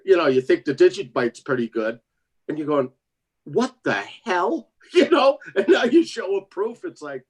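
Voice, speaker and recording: A man chatting casually on a livestream, laughing often and jumping up high when he quotes others. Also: very animated, moderate pace, husky.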